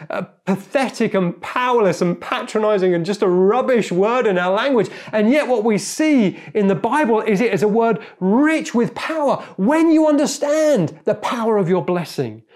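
A man preaching a sermon, earnest and animated, often repeating words as he goes. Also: high-pitched. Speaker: pastor.

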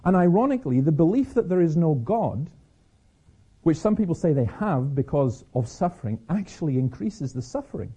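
Dark husky-voiced man telling stories. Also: fairly high pitch, big pitch swings, moderate pace. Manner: storytelling, frequent restarts and repeated words. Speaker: Christian speaker. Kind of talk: public talk with personal stories.

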